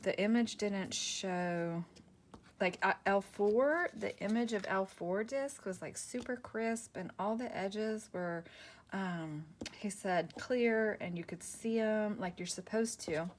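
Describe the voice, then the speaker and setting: Slow-paced and medium in pitch, this woman's voice comes with slight hiss or hum. She's a crafting vlogger talking casually to her viewers as she works at her table, laughing often, rambling and breaking off mid-thought.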